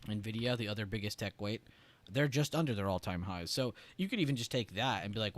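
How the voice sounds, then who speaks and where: A man hosting a trading livestream, talking loosely with lots of "like" and "right?", and clearing his irritated throat often. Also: on the low side, quick pace. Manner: loose and chatty, heavy on "like" and "right?". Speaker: trading stream host. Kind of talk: casual livestream explanation.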